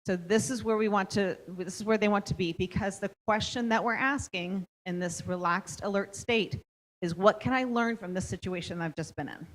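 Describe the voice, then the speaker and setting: A middle-aged woman leads a parenting workshop, walking through each step and frequently asking "okay?" to check in. Her voice sits at a medium pitch and moves at a normal speed, though the audio quality is poor. It's an instructional presentation.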